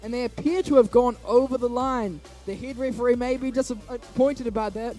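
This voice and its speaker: A young man commentating a live robotics match, jokey and rambling with quick quips. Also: very high voice, steady tone, loud music behind the voice. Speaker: event commentator.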